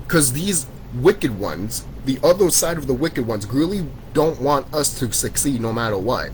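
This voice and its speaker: A man's voice: medium pitch, expressive, moderate pace, few pauses, a little hiss or hum, rough recording. A man in an angry vlog rant, swearing constantly, repeating himself and restarting sentences as he scolds his viewers. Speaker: vlogger. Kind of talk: profane conspiracy rant to camera.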